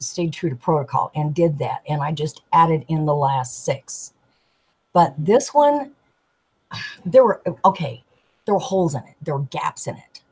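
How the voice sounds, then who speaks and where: A woman, a tarot deck artist, chatting as a guest and telling animated stories, acting out the people she quotes. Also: fairly low pitch, breathy edge, low-quality recording. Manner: animated storyteller, giggly, acts out quoted voices. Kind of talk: casual storytelling chat.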